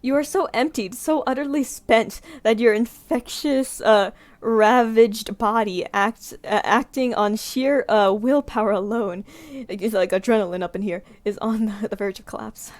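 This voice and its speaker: A young woman streamer reading a visual novel aloud, giggling and reacting with animated outbursts. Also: on the high side, unhurried. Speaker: gaming streamer.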